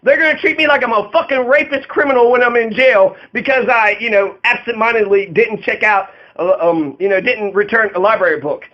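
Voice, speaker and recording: A man's voice: sits high, a little fast, hardly any pauses, highs cut off. A man running for office, delivering a profane, aggrieved and rambling monologue full of fillers. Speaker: political candidate. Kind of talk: angry monologue about his arrests.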